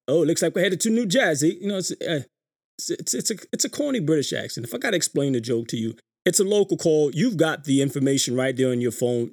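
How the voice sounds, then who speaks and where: Animated man hosting a podcast. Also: medium pitch. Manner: animated storytelling with frequent restarts. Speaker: podcast host. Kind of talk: casual live-stream monologue.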